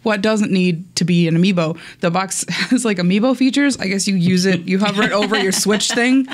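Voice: medium pitch, a little fast. A casual podcast co-host chatting through gaming news, with frequent ums and casual swearing.

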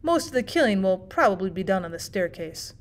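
A woman's voice: mid-range voice, a little fast, natural voice. A woman reading aloud, voicing a cool, mischievous young man who speaks carelessly and matter-of-factly about dreadful plans. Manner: calm, careless, matter-of-fact.

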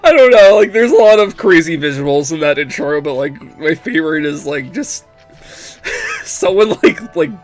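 A man's voice: on the high side, wildly swooping pitch, unhurried, faint music behind. A young man giving casual gameplay commentary, rambling with lots of fillers and breaking into laughing fits. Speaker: let's play commentator.

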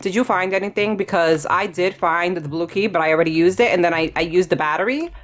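A woman hosting a gaming channel, giving excitable play-by-play commentary to herself with sudden shrieks. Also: on the low side, quick pace. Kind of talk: live gameplay commentary.

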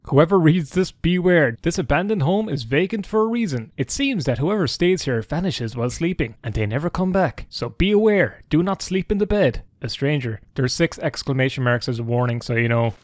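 A man's voice: on the high side, animated, a little fast, hardly any pauses, dry recording, studio quality. A man doing playful gameplay commentary as a YouTuber, full of sarcastic, teasing asides. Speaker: gaming YouTuber.

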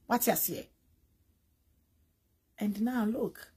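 Husky Ghanaian woman gossiping animatedly. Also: mid-range voice, slow pace, long pauses. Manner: animated, mixes English with Twi, repeats words. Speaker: entertainment vlogger. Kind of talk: casual gossip commentary.

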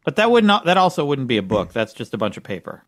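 A man co-hosting a comedy podcast as the doubting straight man. His pitch jumps around a lot as he pushes back. He sits close to the mic in a dry room. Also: sing-song, a bit bright, no room sound. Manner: skeptical straight man, quick to question. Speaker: podcast co-host. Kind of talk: improvised comedy banter.

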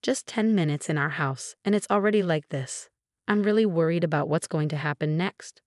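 A woman's voice: deep voice, a little fast, darkish tone, no room sound, clean studio sound, lightly acted. A woman reading the lines of a bossy, scolding older mother-in-law in a story. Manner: scolding, shameless.

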